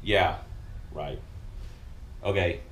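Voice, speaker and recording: A man's voice: deep voice, very slow, fairly bright tone, a little hiss or hum. A man hosting a casual car-project vlog from his home workshop, laid-back and rambling, poking fun at himself. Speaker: channel host.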